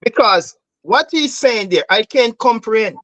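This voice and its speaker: A man's voice: high-pitched, lively intonation, unhurried, fairly bright tone, dry recording. A Jamaican man hosting a political talk show, speaking passionately and emphatically in patois-laced English, often calling listeners "bro.". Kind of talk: heated political commentary.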